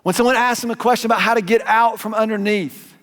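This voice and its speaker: A man with a Southern US accent preaching a sermon as a pastor, conversational and animated, correcting himself as he goes. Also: high-pitched, fast. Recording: long hall reverb.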